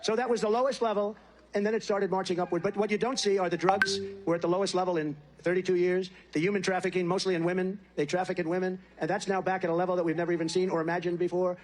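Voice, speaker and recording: Political candidate, man, rally speech; rapid, boastful, repetitive rambling. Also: high-pitched, little pitch movement, a little hiss or hum. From United States.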